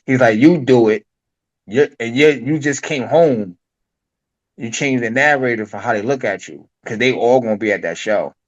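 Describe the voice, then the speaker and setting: A man's voice: mid-range voice, moderate pace, dull audio. Slangy man telling his story. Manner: street slang, acts out quoted dialogue. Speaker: podcast guest. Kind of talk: casual storytelling.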